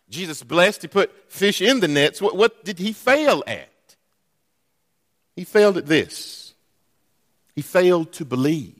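A man preaching a sermon as a pastor, posing rhetorical questions to the congregation in a deliberate way. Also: sits high, a bit bright. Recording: long reverb in a church hall.

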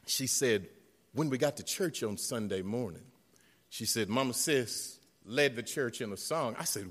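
Bright-voiced pastor preaching in a hall. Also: male voice, mid-range voice, moderate pace. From South Carolina. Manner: storytelling, building to loud emphatic refrains. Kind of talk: sermon. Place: church sanctuary.

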